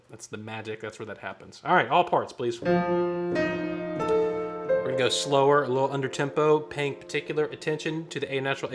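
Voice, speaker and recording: Leading the choir through rehearsal, this director speaks in a mid-range voice with a bit of brightness. He demonstrates by counting off beats and singing short bits of the lines.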